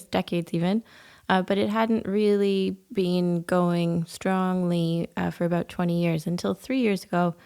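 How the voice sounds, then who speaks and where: A woman with a Canadian accent, a poet and festival volunteer guest, speaking softly and thoughtfully in a casual podcast chat. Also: on the low side. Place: small room in a historic house.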